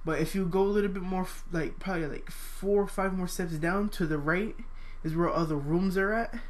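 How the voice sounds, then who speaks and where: A young man telling a personal story in a halting, hesitant way, full of fillers, now and then jumping to a higher voice to quote people. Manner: acts out quoted voices with sudden high pitch.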